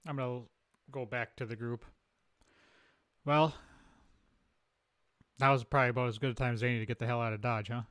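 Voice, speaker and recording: A man plays a tabletop game, talking through plans in a loose, chatty way. His voice is mid-pitched and sits dry and close to the mic. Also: flat delivery, fairly quick, long pauses, a bit bright, no room sound. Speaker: player. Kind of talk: casual tabletop play.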